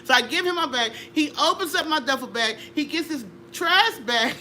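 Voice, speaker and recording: A middle-aged woman, an interview guest, telling a personal story with animated energy, laughing and acting out voices. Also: high voice, normal speed, slight background noise. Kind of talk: conversational storytelling.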